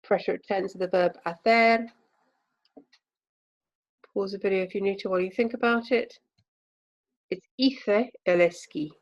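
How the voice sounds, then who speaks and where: An English woman, a language teacher, giving a recorded remote lesson with patient, clear explanations and frequent pauses. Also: medium pitch, fairly even intonation, highs cut off.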